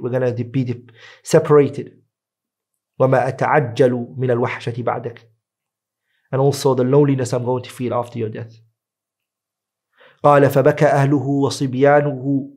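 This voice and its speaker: A man teaching a sermon, reciting Arabic lines quickly and then translating them into English at a slower, earnest pace. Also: mid-range voice, a little mellow. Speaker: Islamic teacher.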